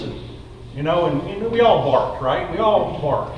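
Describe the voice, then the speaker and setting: Male pastor, high voice, loose chatty sermon, distant mic, faint hiss. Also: lively intonation, normal speed, dull audio. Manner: conversational preaching with fillers, reading scripture aloud. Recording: roomy echo, distant mic, faint noise.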